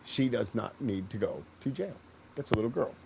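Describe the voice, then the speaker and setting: A middle-aged man with a gravelly, creaky voice chats casually while playing a game, swearing freely and circling back over the same points. His voice sits at an ordinary pitch, with a faint hiss of noise behind it. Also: lively intonation, moderate pace. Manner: profane, rambling, repeats himself. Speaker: gaming streamer. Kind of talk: casual storytelling while gaming.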